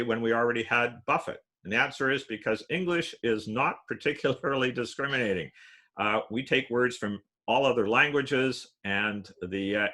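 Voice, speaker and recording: A man giving a playful lecture on wordplay, explaining puns with many filler pauses. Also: on the low side, sharp tone. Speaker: guest lecturer.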